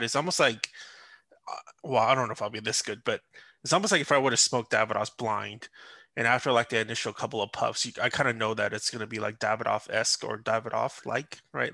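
A man's voice: medium pitch, creaky, pushed and bright, no room sound. A man co-hosting a casual podcast, rambling and blunt, with casual swearing. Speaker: podcast co-host.

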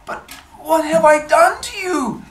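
A man voicing a frightened fisherman who pleads in high, strained cries, heard from a distant mic in a roomy space. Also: expressive, slow, heavily acted. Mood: pleading.

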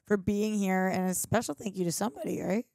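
A woman's voice: mid-range voice, quick pace, gravelly, mellow, dry recording. A woman from Boston co-hosting a movie reaction show, bantering playfully in casual chat.

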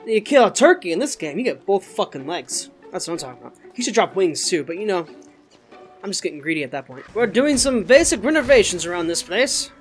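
An excitable channel host gives casual gameplay commentary, cracking jokes and cursing at the game's creatures. Faint music plays underneath the voice. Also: medium pitch, fairly quick. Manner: excitable, jokey and profane, talking to game creatures.

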